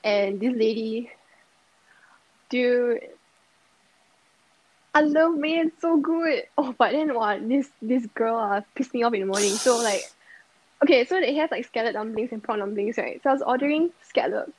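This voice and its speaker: A young woman from Singapore with a Singaporean English accent, chatting as a podcast guest and telling animated stories with lots of laughter and fillers. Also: on the high side, normal speed, pauses often, no room sound, dull audio. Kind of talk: casual chat, storytelling.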